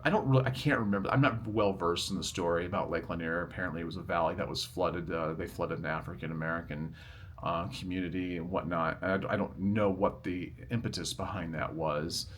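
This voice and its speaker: A man's voice: deep voice, steady tone, a little fast, a bit bright. A middle-aged man vlogging outdoors near a road, telling stories to the camera in a chatty, rambling, good-humored way. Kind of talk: casual storytelling to camera. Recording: faint traffic noise outdoors. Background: faint traffic noise.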